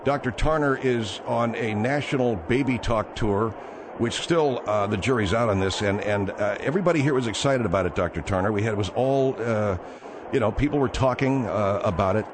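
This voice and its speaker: A man hosting a comic talk radio show from a studio, brisk and wry, often cutting his guests off. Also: on the low side, background noise. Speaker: radio host.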